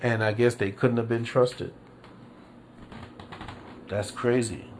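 Slight background noise accompanies a man whose mid-range voice is fairly even in intonation and a bit mellow. Hosting a casual podcast solo, he rants in disbelief with drawn-out emphasis, swearing, rambling, and using many repeats and fillers.

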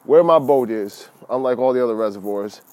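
A middle-aged man talks in a casual, lively monologue, calling his listeners "y'all" and drifting into preachy advice. His voice is mellow and warm, set at an ordinary middle pitch for a man. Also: brisk, dry recording. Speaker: fishing podcaster.

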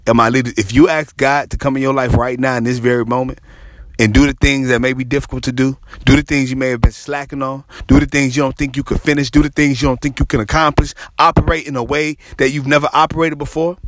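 A man preaching an impassioned sermon, repeating phrases with dramatic pauses and sometimes slipping into a half-sung cry. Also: mid-range voice, flat delivery, dry recording.

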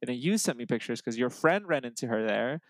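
An excitable young man chats on a podcast, acting out the voices as he tells a story. His voice sits at a middle pitch. The sound is dry and close to the mic. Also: quick pace, no room sound. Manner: animated storyteller, excitable, acts out dialogue. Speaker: podcast co-host. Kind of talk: casual chat.

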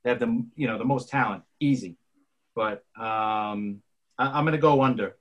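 A man's voice: fairly low pitch, normal speed, lo-fi sound. Hesitant man making football picks. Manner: hesitant, repeats words. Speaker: podcast co-host. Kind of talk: casual sports talk.

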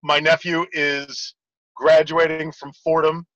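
Guest type, a man with a bright tense voice, laughs through his anecdotes, dull audio. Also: fairly high pitch, little pitch movement, slow pace, dry recording. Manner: rambling, laughing storyteller. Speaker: podcast guest. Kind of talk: casual chat.

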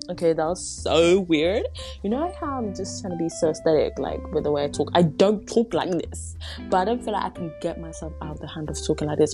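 A woman's voice: lowish voice, lively intonation, normal speed. A young woman hosting a casual podcast from home, rambling, giggling and tripping over her words, with no microphone nearby. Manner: giggly, self-deprecating, stumbling over words. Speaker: podcast host. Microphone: no microphone nearby, phone or device. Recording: unedited home recording with faint music. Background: pop music playing softly.

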